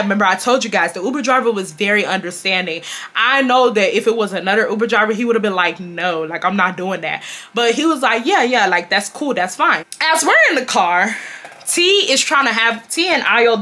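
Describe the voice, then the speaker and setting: A woman's voice: medium pitch, sharp tone. A young woman telling a vacation story to her viewers in a casual, dramatic, slangy way, often calling them y'all. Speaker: storytime vlogger.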